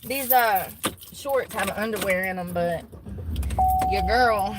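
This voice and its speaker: A woman's voice: mid-range voice, slow, heavy background noise. A young woman, chatting casually and self-deprecatingly in her vlog, swearing now and then. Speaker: vlogger.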